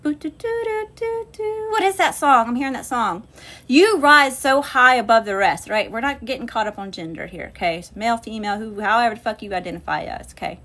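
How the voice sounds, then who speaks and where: A woman's voice: a little high, brisk. A woman hosting a casual livestream tarot reading, cursing freely and calling her viewers y'all. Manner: profane, animated, addresses viewers as y'all. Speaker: spiritual channeler and livestream host.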